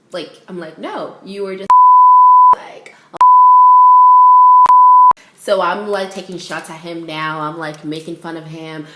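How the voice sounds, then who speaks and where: A young woman telling a casual storytime vlog, animated and laughing as she acts out everyone's lines. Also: fairly low pitch, reverberant. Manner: animated, quotes people in voices, laughs a lot.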